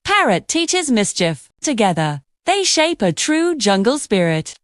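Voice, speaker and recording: Expressive woman narrating a children's story. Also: fairly high pitch, a little slow, dry recording, studio quality.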